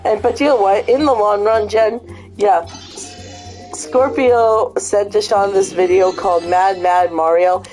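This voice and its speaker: A woman hosting a casual vlog, cursing freely as she tells an animated story. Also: mid-range voice, measured pace, faint music behind. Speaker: vlog host. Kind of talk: casual chat and retelling.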